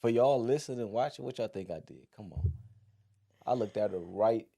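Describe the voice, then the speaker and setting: A man in his thirties hosting a podcast, telling a personal story in a relaxed, conversational way, full of "like" and "you know". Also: fairly low pitch, normal speed, vocal fry. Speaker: podcast host. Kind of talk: casual storytelling.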